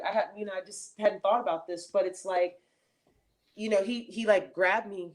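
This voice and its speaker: A middle-aged woman speaks as an interview guest over a remote mic. Her voice sits a little low for a woman. She tells her stories in a loose, animated way, laughing and circling back with fillers and restarts. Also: moderate pace. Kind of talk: casual storytelling in an interview.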